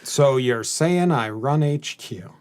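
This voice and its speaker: A man's voice: medium pitch, animated, slow pace, darkish tone. A man co-hosting a live stream, calling out each step of his turn in a card game with playful teasing. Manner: playful teasing, announces each click aloud. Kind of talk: casual chat while playing.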